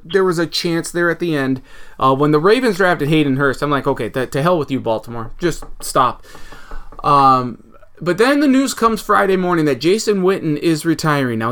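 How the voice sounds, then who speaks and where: Rambling, excitable sports podcast host. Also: male voice, fairly high pitch. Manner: rambling, animated, mock outrage. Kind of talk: casual sports chat.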